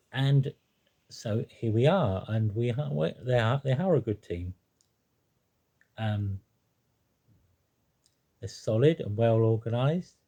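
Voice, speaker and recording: A man talks slowly in a relaxed, unscripted way, stopping often to search for words and restart his sentences. His voice is husky and mellow, with a slightly rough edge. He sounds like he is thinking aloud. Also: medium pitch. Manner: hesitant, rambling with many ums and restarts. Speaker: football fan commentator. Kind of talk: casual spoken monologue.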